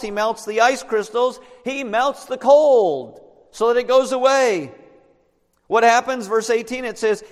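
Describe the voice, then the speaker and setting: High-voiced preacher in a reverberant hall. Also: male voice. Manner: explanatory, asks the listeners questions. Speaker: pastor. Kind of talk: sermon.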